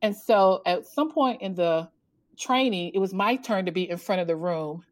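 Animated woman telling her story. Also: moderate pace. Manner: animated, laughs often, acts out quotes in a higher voice. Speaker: podcast guest, author and coach. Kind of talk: casual interview storytelling.

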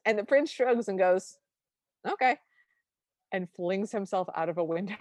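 A woman with a middle-pitched voice recaps a film on a podcast, wry and sarcastic, quoting her own notes. Her voice is recorded close and dry, with no room sound. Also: lively intonation, brisk, no echo. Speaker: podcast co-host. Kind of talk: casual chat recapping a film.

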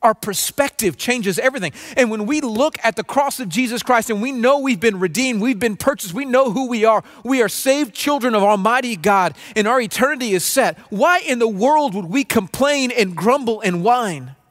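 Pastor guy preaching earnest, kinda high voice, big echoey church sound. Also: animated, normal speed, hardly any pauses, fairly bright tone. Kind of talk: sermon. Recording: long reverb of a large room.

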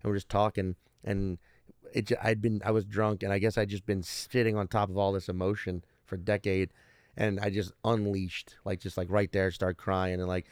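A fairly low-voiced man in his thirties tells stories as a stand-up comedian guest, rambling and restarting his sentences and swearing freely. His voice sounds dry and close to the mic, with almost no room sound around it. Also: flat delivery, moderate pace, darkish tone, clean tone, no echo. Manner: profane, rambling, restarts often. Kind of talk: casual podcast storytelling.

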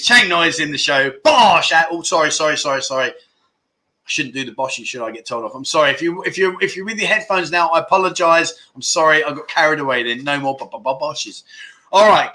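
Bright-voiced jokey man hosting a live chat. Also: a little high. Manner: jokey, scattered, chatty, laughs at own mistakes. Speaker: livestream host. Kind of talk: casual live chat reading viewer comments.

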